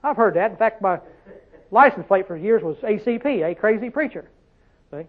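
Man, preacher, very high voice, folksy rhetorical sermon, tinny phone-like recording. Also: expressive, normal speed. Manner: folksy, rhetorical questions, dialect grammar.

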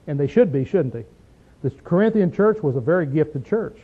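A man preaching a conversational Bible study in a folksy, emphatic way, often checking in with "see?" and "okay?" and clearing his throat. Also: on the high side, expressive, moderate pace. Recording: tinny phone-like sound.

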